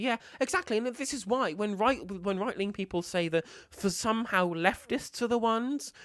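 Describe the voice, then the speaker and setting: A woman streamer commenting live on a clip, animated and incredulous, swearing freely. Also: mid-range voice, normal speed, hardly any pauses, no room sound, clean studio sound.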